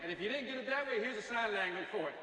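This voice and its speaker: A man's voice: sits high, very fast. A middle-aged man giving a motivational speech, telling stories with jokes. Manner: energetic storytelling with jokes. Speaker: motivational speaker. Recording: echoey hall from far off.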